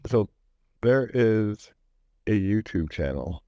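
Low-voiced man telling a rambling story. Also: animated, slow, warm tone, no room sound, muffled recording. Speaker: podcast co-host. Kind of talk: casual chat.

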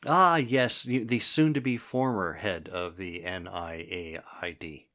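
A man's voice: sits low, takes it slowly, sharp tone. A man in casual chat, teasing and wry.

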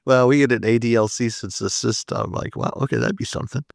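A man hosting a casual podcast, joking and reacting quickly. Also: medium pitch, gravelly, dry recording, studio quality. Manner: lively, jokey, quick reactions. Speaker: podcast host. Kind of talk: casual chat.

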